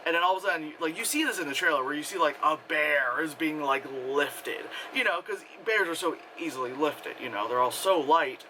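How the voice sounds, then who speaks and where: A man giving a casual spoken movie review, rambling and excitable, full of fillers and acted-out quotes. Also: fairly high pitch, fairly quick, few pauses, a little hiss or hum, rough recording.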